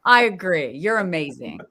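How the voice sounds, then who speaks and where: Female co-host, lowish voice, effusive and gushing. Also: fairly bright tone. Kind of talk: casual live-show chat.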